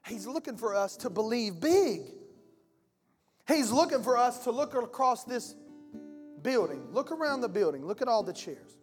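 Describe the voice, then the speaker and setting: A man's voice: very high voice, big pitch swings, moderate pace. Male pastor, colloquial and impassioned sermon delivery, long church-hall reverb, faint guitar behind.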